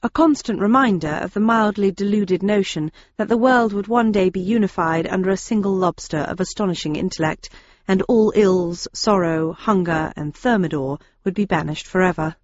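A woman's voice: medium pitch, normal speed, no room sound, dull audio. A woman narrating a novel in the first person, in a dry, wry storytelling manner. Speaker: audiobook narrator.

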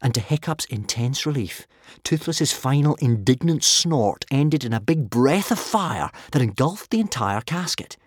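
Man, audiobook narrator, animated pitch, dry close sound, expressive storytelling. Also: measured pace, slightly rough, no room sound. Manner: lively storytelling, many character voices.

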